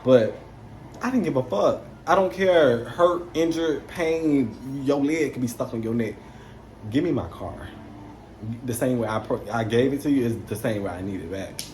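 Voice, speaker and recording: A young man casually telling a story to camera, animated, slangy and swearing freely. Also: mid-range voice, normal speed, slight background noise.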